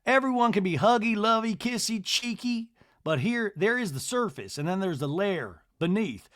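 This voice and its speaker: A man playing a quirky, overeager man with theatrical, musing, drawn-out speech. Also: high-pitched, lively intonation, fairly bright tone, pitched above the performer's own voice.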